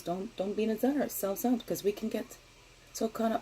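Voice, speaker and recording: A middle-aged woman giving a casual daily spiritual card reading, talking in a gentle, meandering way and often asking "right?". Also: mid-range voice, fairly even intonation, normal speed, husky, rough recording.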